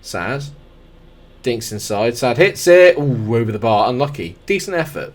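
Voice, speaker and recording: A young man commentating his own football management game, excitable play-by-play mixed with chatty asides to the players. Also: mid-range voice, moderate pace. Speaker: gaming YouTuber. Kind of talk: live football sim commentary.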